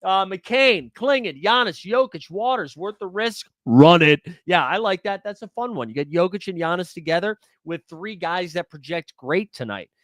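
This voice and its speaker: A man's voice: high-pitched, moderate pace, hardly any pauses, dry recording, studio quality. Upbeat man hosting a live fantasy stream. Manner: excitable, talks to chat by name, thinks aloud. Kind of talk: casual live-stream chat.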